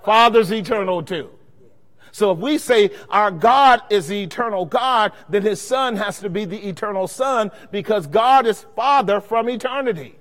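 A man preaches at a Bible study in a high voice, tossing questions to the congregation and letting them answer back. His words ring out with a long reverb, as if from a big hall. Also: lively intonation, moderate pace, a bit bright. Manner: call-and-response questions to the congregation. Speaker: pastor teaching a Bible study. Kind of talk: sermon-style Bible teaching.

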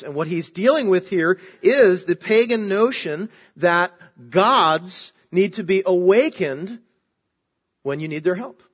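A male pastor with a fairly high, fairly bright voice preaches a sermon conversationally, rising for emphasis on key phrases. The recording is dull and lo-fi.

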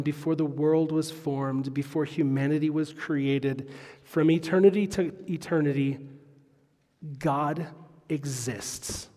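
A man's voice: a little high, darkish tone, in a large hall. A man preaching a sermon as pastor, explaining scripture verse by verse. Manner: expository preaching, quoting scripture.

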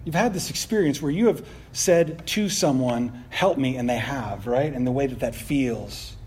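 A man preaching a sermon in an animated, conversational way, often checking in with a rhetorical "right?" and slipping in self-deprecating humor. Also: mid-range voice, normal speed, slight background noise. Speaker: pastor.

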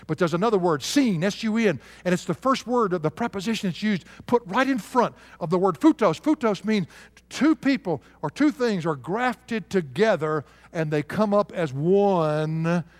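Emphatic male preacher in a reverberant hall. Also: on the high side. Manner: emphatic, asks the congregation to answer aloud. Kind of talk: sermon. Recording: live sermon with long hall reverb.

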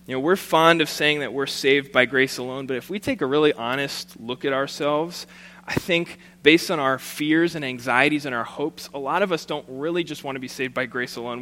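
A man's voice: mid-range voice, pushed and bright. A man preaching a sermon, reading scripture aloud and then retelling it in plain, casual words. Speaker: pastor.

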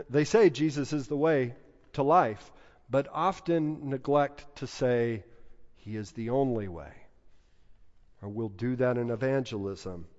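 A man preaching a sermon as pastor, measured and emphatic, repeating key phrases. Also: medium pitch, a little mellow. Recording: dull sound in a reverberant hall.

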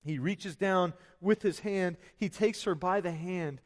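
A man's voice: high voice, a little slow, few pauses. Man preaching in a reverberant hall. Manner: conversational, with asides and restarts. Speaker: pastor. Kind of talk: sermon.

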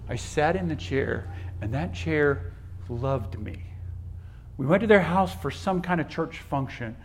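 A pastor delivers his sermon in a slightly raised male voice. He leans on repeated words and swings between loud emphasis and hushed asides. Homey anecdotes run through his preaching. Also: on the high side. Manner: folksy storytelling asides.

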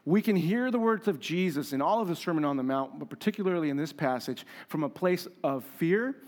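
Guy preaching a sermon, kinda high voice, punchy and chatty with jokes. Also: animated, brisk. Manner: emphatic, conversational, with humor and rhetorical questions. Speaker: pastor.

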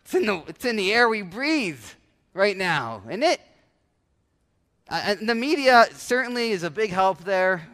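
A male pastor preaching a sermon with animated delivery, now and then acting out everyday voices to make his point. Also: sits high, unhurried. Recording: long church hall reverb.

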